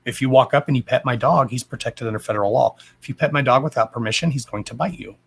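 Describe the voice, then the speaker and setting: A man's voice: mid-range voice, quick pace, vocal fry, husky. A man hosting a casual livestream from home, talking bluntly and swearing freely in a fired-up, emphatic rant. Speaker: livestream host.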